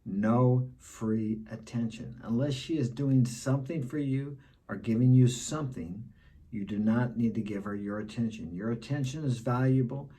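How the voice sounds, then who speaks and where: Blunt dark-voiced man giving dating advice. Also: mid-range voice, moderate pace, husky. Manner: blunt, instructive, repeats key points. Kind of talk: casual advice monologue.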